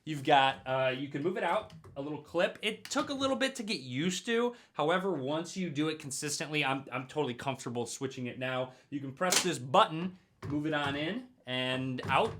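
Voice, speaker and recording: A young man presenting a home product review vlog in an upbeat, clear presenter manner, recorded in a room at home. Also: fairly high pitch, expressive, moderate pace, fairly bright tone. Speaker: tech reviewer. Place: home room with a wall-mounted gym.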